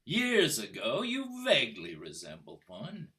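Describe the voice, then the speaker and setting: A man's voice: mid-range voice, huge pitch swings, sharp tone, heavily acted. An older man acting a scornful husband who coldly taunts his wife, in a stage play performed over a video call. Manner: taunting, mocking, coldly deliberate. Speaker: actor in a play. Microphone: computer mic on a video call.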